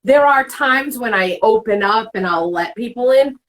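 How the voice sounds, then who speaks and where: A woman's voice: fairly high pitch, expressive, normal speed, low-quality recording. A woman hosting a casual chat, talking candidly in a rambling way and acting out what people said. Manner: candid, rambling, acts out quoted remarks. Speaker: host.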